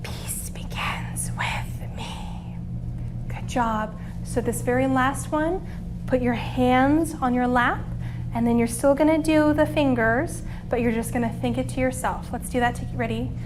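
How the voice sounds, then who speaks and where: A young woman leading preschoolers through yoga and calming exercises, speaking in a gentle, encouraging way. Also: high-pitched, noisy background. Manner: slow, soothing, encouraging. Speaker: children's librarian leading yoga.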